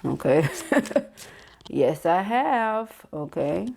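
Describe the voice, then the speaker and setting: A woman's voice: on the low side, very animated, drawn-out words, creaky, noisy background. A woman giving a casual tarot reading, reading card affirmations aloud and chatting with viewers. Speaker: tarot reader.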